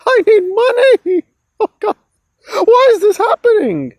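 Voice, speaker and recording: Man putting on a shrill, whiny middle-aged woman, self-pitying, very high and wobbly, dry sound. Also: big pitch swings, unhurried, dry recording, heavily acted. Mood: whining. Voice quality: shrill, mocking falsetto.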